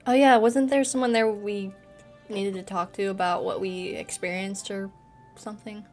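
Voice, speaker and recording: A woman playing a tabletop game, talking casually and quietly while wondering aloud. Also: medium pitch, steady tone, normal speed, soft background music. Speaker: player. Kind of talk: tabletop role-play.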